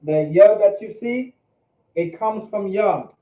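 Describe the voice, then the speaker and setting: Distant teacher's voice in a roomy hall. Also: male voice, high-pitched, slow, narrow, tinny audio. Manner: patient, checks understanding with repeated questions. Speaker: Hebrew class teacher. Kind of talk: classroom teaching.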